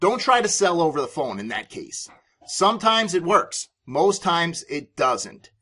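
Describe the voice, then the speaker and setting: A man's voice: fairly high pitch, very animated, a little slow, bright, forceful tone. A man hosting a business podcast, giving sales advice in an emphatic, authoritative way. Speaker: podcast host and sales coach.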